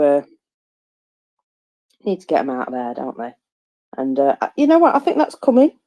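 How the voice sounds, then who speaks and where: A woman's voice: lowish voice, dark tone, dry recording, rough recording. A woman in casual live chat about war news, rambling with many fillers and restarts. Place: at home, first thing in the morning. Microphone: phone or headset in live audio room.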